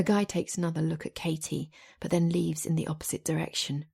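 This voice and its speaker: Woman, romance audiobook narration, expressive, mellow, husky. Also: deep voice, brisk, few pauses.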